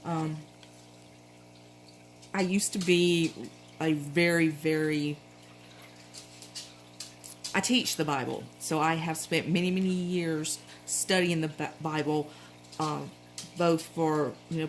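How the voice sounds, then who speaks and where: A woman's voice: low-pitched, fairly even intonation, takes it slowly, long pauses, slight background noise, rough recording. A middle-aged woman with a Southern accent, chatting casually as she shows off planner supplies, rambling and correcting herself as she goes. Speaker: planner vlogger. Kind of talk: casual show-and-tell chat.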